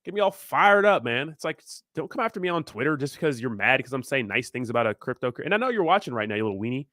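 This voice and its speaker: A man's voice: mid-range voice, very animated, fast, bright, forceful tone, no room sound, studio quality. A young man hosting a crypto livestream, ranting in a fired-up way and answering viewers, often asking "you know what I mean". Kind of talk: live stream chat, reacting to viewers.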